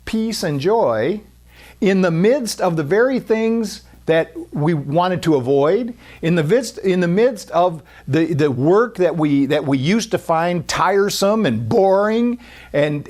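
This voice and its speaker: An earnest man giving a spiritual sermon, his voice sitting high for a man. He talks freely and repeats himself, stumbling through restarts as he works his way toward a point, and he acts out inner thoughts in quoted asides. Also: darkish tone. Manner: earnest, repetitive, with many restarts and acted-out quotes.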